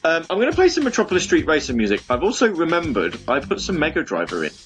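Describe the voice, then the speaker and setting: A man's voice: fairly high pitch, wildly swooping pitch, fast talker, fairly bright tone. A young man hosts a homemade internet radio show, rambling and poking fun at himself. He is chatty and loose, stumbling through restarts. Faint music plays behind him. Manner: rambling and self-mocking, full of fillers and restarts. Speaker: online radio show host. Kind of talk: casual chat with listeners between songs. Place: home room.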